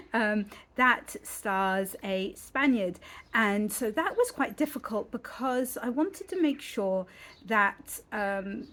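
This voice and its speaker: A British woman vlogging casually about her books, chatty and polite, with frequent ums and little self-corrections. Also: medium pitch. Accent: British English. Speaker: author vlogger. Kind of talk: casual talking-head vlog.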